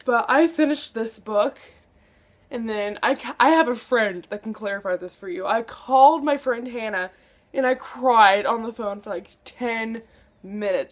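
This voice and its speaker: A woman's voice: fairly high pitch, normal speed. Gushing young woman book vlogger. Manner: gushing, dramatic, lots of "like". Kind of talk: casual chat to camera.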